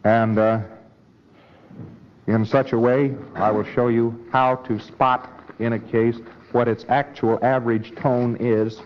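A man's voice: mid-range voice, level tone, slow. A man lecturing in a conversational way, acting out both sides of short dialogues. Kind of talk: recorded lecture with acted dialogue. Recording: dull old lecture recording with faint hiss.

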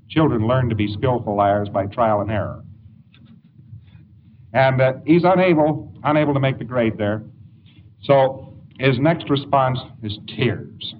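A man's voice: mid-range voice, measured pace. A man giving a lecture in a wry, anecdotal way, acting out examples as he goes, on a dull old tape recording. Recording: dull lo-fi tape with faint hiss.

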